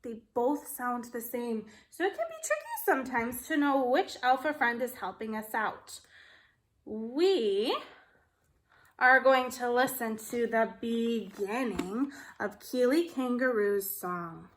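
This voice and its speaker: A woman teaching a phonics lesson to kindergartners on video, speaking slowly and in a sing-song manner as she reads and spells along. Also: a little high, lively intonation. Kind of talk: video lesson for young children. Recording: echoey room.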